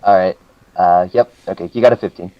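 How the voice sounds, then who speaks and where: A man narrating as game master of a tabletop game, animated and cursing freely. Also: sits low, brisk, lo-fi sound, slight background noise. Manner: animated, swearing, laughing.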